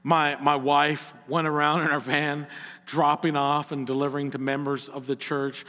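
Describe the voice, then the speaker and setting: Middle-aged man as church pastor, slightly higher voice, earnest preaching that swells to emphatic calls, long hall reverb. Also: a bit bright. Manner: earnest, rising to emphatic exhortation. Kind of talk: sermon.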